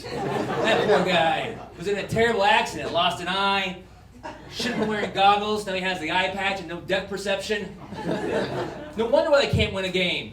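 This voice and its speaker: A lively, high-pitched man in his forties performs stand-up, his voice swinging widely as he slips into quick character bits. He sounds roomy and somewhat far from the mic, with loud audience noise around him. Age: 40s. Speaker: stand-up comedian. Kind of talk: stand-up set.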